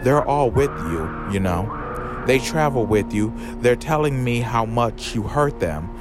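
A man's voice: medium pitch, lively intonation, measured pace, close to an everyday voice. A man voicing a sassy, ruthless female demon queen with a campy, drawling diva delivery. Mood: taunting. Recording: music playing under the voice.

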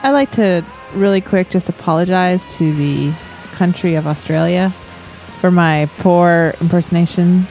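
A woman's voice: fairly low pitch, a little slow, darkish tone, soft background music, poor audio. Minnesota woman co-hosting a podcast. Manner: brief, agreeable interjections. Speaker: podcast co-host. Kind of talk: casual podcast chat.

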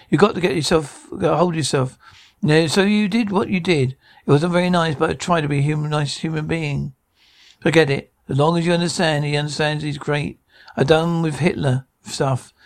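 A man's voice: on the high side, fairly even intonation, brisk, close to an everyday voice. An actor playing an irritable middle-aged man who squabbles in sitcom dialogue, stammering and restarting. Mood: apologetic. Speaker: sitcom character.

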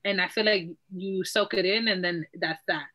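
A woman's voice: on the low side, moderate pace, pushed and bright, rough recording. A young woman co-hosting a casual podcast chat, open and talkative, freely sharing about herself. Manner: open, chatty, oversharing. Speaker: podcast co-host.

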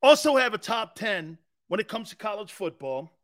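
A man's voice: sits high, very animated, moderate pace, a bit bright. A male sports talk show host, joking and laughing often with rambling asides.

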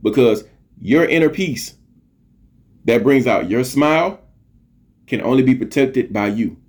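A man's voice: mid-range voice, expressive, a little slow. Middle-aged male podcast host, mid-range voice, earnest motivational monologue, repetitive emphasis, casual swearing. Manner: earnest, preachy, repeats phrases for emphasis.

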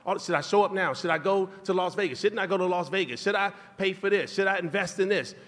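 A man's voice: high-pitched, quick pace, fairly bright tone. A man co-hosting a live podcast, telling a relationship story with laughter. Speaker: podcast co-host. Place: live tour venue. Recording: long hall reverb.

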